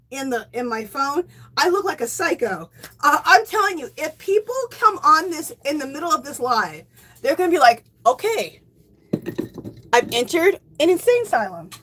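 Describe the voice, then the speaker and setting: Bubbly high-voiced woman livestreaming. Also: expressive, normal speed, pushed and bright. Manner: bubbly, laughs often, thanks viewers by name. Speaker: livestream host of a knitting and crochet show. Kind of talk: casual livestream chat with viewers.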